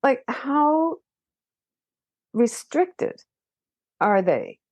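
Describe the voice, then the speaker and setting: A woman guest on a parenting podcast, talking in a lively way with many restarts and rising emphasis. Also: high-pitched, extremely slow, dry recording. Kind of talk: casual conversation.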